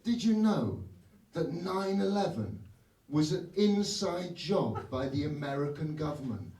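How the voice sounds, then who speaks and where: A man's voice: on the high side, big pitch swings, a little slow, mellow. A man doing a mumbly stoned bar conspiracy guy. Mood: earnest. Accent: British. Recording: roomy club from a distance with audience laughter.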